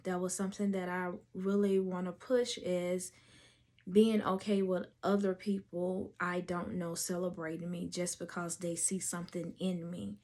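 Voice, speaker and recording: A woman's voice: lowish voice, a little mellow. A woman podcast host in casual storytelling chat, talking emotionally about her life before telling a nanny story. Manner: emotional, slow and drawn out.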